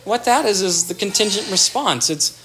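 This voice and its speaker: A man with a voice that sits high gives an earnest, animated explanatory talk on attachment in relationships at normal speed, acting out example dialogue along the way.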